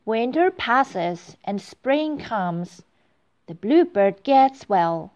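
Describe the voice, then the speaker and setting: A woman reading a children's storybook aloud in a slow, clear, expressive way. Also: medium pitch.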